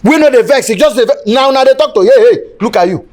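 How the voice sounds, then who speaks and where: A mouthy house servant with a Nigerian Pidgin accent who accuses and talks back. His voice sits high and moves about a lot. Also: animated, fast talker, a little mellow. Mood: defiant. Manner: accusing, defiant.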